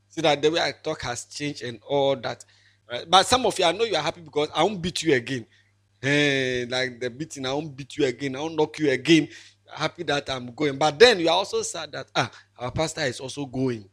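A man's voice: on the high side, animated, a little fast, fairly bright tone. A young Ghanaian man in his twenties preaches a farewell sermon to his congregation. He mixes emotion with jokes, repeating himself as he talks. His voice sits a little above the usual male range. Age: 20s. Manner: emotional, joking, repetitive, pulpit preaching. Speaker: pastor.

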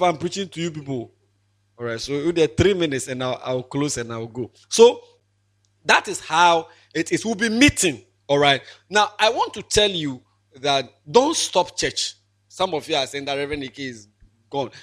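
A man's voice: on the high side, fairly bright tone. A young Ghanaian man in his twenties preaches a farewell sermon to his congregation. He mixes emotion with jokes, repeating himself as he talks. His voice sits a little above the usual male range. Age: 20s. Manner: emotional, joking, repetitive, pulpit preaching. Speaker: pastor.

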